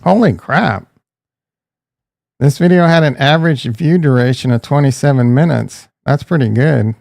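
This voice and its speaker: A man's voice: medium pitch, moderate pace, creaky, darkish tone, no echo. A man hosting a casual livestream, joking and ranting, talking straight to his chat and calling viewers bro and dude. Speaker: crypto livestream host.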